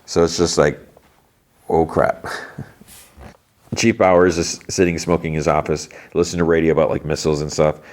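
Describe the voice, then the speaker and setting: A man's voice: extremely low pitch, steady tone, fairly quick. A man hosting a podcast, casually retelling a TV episode scene by scene, full of "like" and quoted lines. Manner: retells scenes loosely, peppered with "like" and quoted dialogue. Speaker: podcast host.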